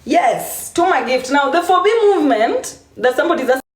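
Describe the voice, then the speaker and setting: A woman's voice: high-pitched, expressive, normal speed, echoey room. A woman with a Kenyan accent talking casually on a live stream, laughing often and repeating phrases for emphasis.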